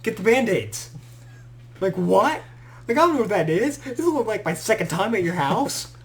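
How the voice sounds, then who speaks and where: Young man, lively storyteller. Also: sits high, moderate pace. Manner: animated storyteller who acts out quotes and laughs a lot. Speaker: podcast host. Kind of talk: casual chat.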